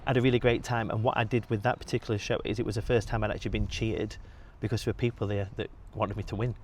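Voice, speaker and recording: Man, young adult, rapid talker, slightly low voice, faint background noise. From England. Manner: swears freely, animated storytelling. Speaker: podcast guest, bodybuilder. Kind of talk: casual storytelling.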